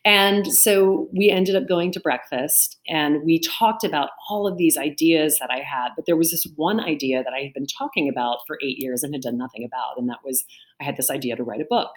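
A middle-aged woman, an auctioneer and author, telling a lively anecdote in an interview over a video call and acting out what people said. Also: deep voice, brisk. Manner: lively anecdotal storytelling, acts out quotes. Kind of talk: storytelling interview answer. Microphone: remote video call.

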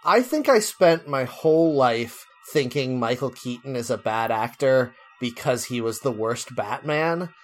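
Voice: medium pitch, expressive, a little slow, hardly any pauses, faint music behind. A podcast co-host in casual chat, making dry, wry remarks.

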